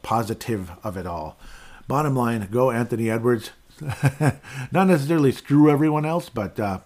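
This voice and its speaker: A man's voice: fairly low pitch, a little mellow. A man hosting a podcast, giving rambling and opinionated fan commentary in casual sports talk. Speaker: podcast host.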